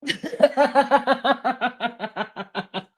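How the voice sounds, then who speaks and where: A woman's voice: high-pitched, drawn-out words, breathy edge. A middle-aged woman giving casual live-stream commentary, brash and profane, laughing often at her own jokes.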